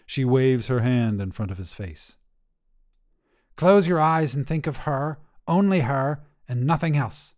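A man narrating a short fiction podcast in a steady, scripted storytelling manner. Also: medium pitch.

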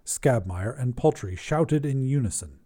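A man narrates a short fiction story in a mellow, warm voice. His delivery is lively and expressive, with a wide melodic range. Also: medium pitch, measured pace. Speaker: podcast host and narrator.

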